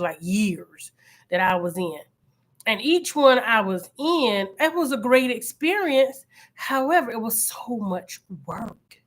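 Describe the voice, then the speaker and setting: Woman, middle-aged, vlog host, live-stream chat, loud and animated, bright slightly high voice. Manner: chatty, loud and animated, with frequent laughs and repeated phrases. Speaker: channel host.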